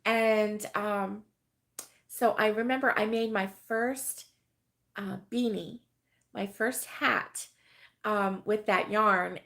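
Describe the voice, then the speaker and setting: A middle-aged American woman hosts a relaxed crochet live stream, rambling with lots of fillers and laughing often as she reads viewer comments. Her voice is medium in pitch and fairly bright, with a steady tone, a slow pace, and some creak.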